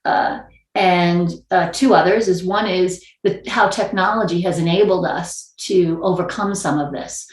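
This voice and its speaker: A woman's voice: on the low side, measured pace, roomy sound. A woman from New York with a New York accent, speaking as a panelist in a video-call panel discussion, thoughtful and wordy with many restarts.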